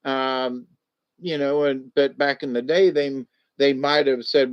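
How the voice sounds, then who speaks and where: A man's voice: medium pitch, steady tone, slow pace, smooth, dull audio. An older man, talking in a rambling, folksy monologue full of restarts and fillers.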